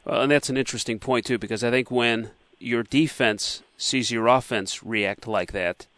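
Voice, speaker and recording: A man's voice: mid-range voice, fairly even intonation, normal speed, a bit bright, no room sound. A man with a mid-range voice hosts a sports radio interview from a studio. He asks questions in a chatty, conversational way with a few hesitant fillers. The sound is dry and close. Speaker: radio show host.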